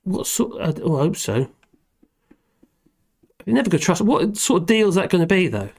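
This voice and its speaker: A man with a slightly high voice chats through a live stream from his desk. He rambles with plenty of fillers, reads viewer comments aloud and answers them in a loose, easygoing way. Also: big pitch swings, normal speed, slightly rough. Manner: rambling, chatty, with fillers, talking to his dog between comments.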